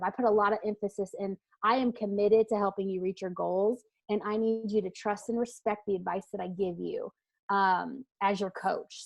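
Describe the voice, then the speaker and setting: A woman's voice: medium pitch, gravelly. Earnest emphatic woman coach. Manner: earnest and emphatic, with many fillers and restarts. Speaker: weight-loss coach, interview guest. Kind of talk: casual interview answer.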